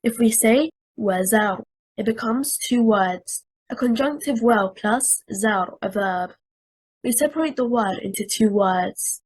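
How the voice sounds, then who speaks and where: Female recitation trainer, husky mid-pitched voice, deliberate scripted lecture delivery. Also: low-quality recording. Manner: measured, deliberate, repeats example words with shifting stress. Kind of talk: scripted lecture on Quranic stress.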